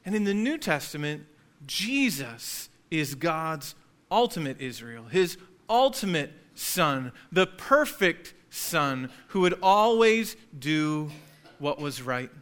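A man preaches a sermon to a church congregation, talking to them conversationally and teasing them with light jokes. His voice sits a little high and sounds bright and forceful. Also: clean tone. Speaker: pastor.

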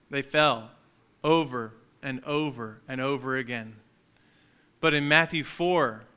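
A man's voice: fairly high pitch, sharp tone, smooth. A man preaching a sermon in a conversational way, joking now and then with his congregation. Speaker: pastor.

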